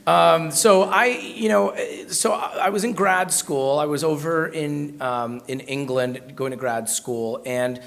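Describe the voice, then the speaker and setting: A man's voice: fairly high pitch, slow, creaky, hardly any pauses, fairly bright tone. An American man giving a storytelling talk at a university, chatty and self-mocking, with lots of fillers and restarts. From United States. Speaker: guest speaker at a university.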